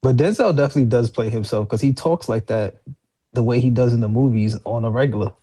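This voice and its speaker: A man's voice: mid-range voice, fast, mellow, slightly rough. A young man co-hosting a podcast in casual chat, laid-back and making short, wry remarks. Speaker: podcast co-host.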